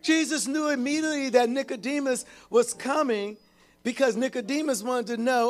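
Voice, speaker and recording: A man's voice: extremely high pitch, moderate pace, faint music behind. A male pastor preaching a sermon with call-and-response, often repeating and restarting his phrases.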